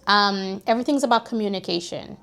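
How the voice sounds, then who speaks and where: A young woman in her twenties vlogging casual life advice, animated and preachy, talking straight to her viewers. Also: mid-range voice, a little fast, gravelly. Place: New York, recording outdoors near street traffic.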